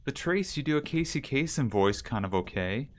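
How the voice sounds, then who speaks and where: A man's voice: mid-range voice, lively intonation, moderate pace, a little hiss or hum. A man streaming a ghost-hunting game, chatting casually with viewers and asking the ghost questions, with mild allergies. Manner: chatty, talks to himself and chat, asks the ghost questions.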